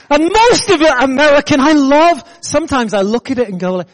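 A middle-aged man with a British accent preaches with a fairly high, bright-edged voice. He jumps from quick, punchy jokes to slower, weighty lines. He keeps a lively, conversational pulpit manner. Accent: British English. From Britain. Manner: animated preaching with self-deprecating jokes and laughter. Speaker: pastor. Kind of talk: sermon.

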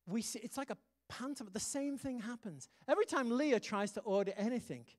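A man's voice: extremely high pitch, animated, a little fast. A British man preaching a sermon, emphatic and humorous, with sudden punchy exclamations. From Britain. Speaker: pastor. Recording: long hall reverb.

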